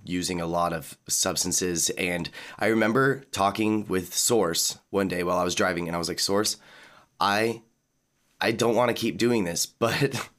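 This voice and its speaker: A man hosting a casual chat, sharing a candid personal story in a halting way with laughs. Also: fairly low pitch, a bit bright.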